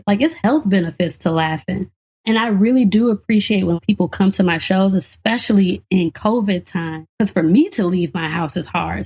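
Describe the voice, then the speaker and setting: Laughing woman comedian. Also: on the low side. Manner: laughs often, animated storytelling. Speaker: comedian and actor guest. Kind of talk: casual podcast conversation.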